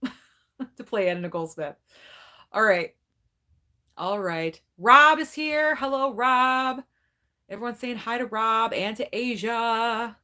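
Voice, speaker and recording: A woman's voice: on the high side, bright, forceful tone. A woman of around forty hosting a casual movie club livestream, chatting candidly with viewers, reading out their comments and laughing often.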